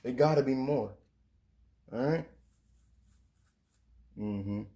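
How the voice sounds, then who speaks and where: A man's voice: medium pitch, slow, dark tone. A man hosting a casual spiritual monologue, talking in a slangy, conversational street style. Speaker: host.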